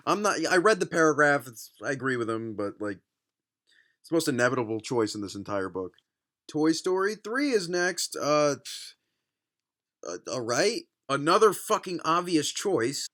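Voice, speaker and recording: A young man reads a book aloud and mocks it, swearing freely and swinging between shouted outbursts and low mutters. His voice is fairly high, bright and edgy, and it jumps around a lot in pitch. The delivery is sarcastic comedy throughout. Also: big pitch swings, normal speed. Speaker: vlogger reviewing a book.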